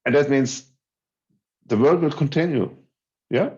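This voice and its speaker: A man speaking as a gives a talk over a video call in a relaxed, conversational way. He hesitates and restarts often. His pitch sits in a middle range, and the audio sounds dull and lo-fi. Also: unhurried. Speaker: conference speaker. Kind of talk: online conference talk.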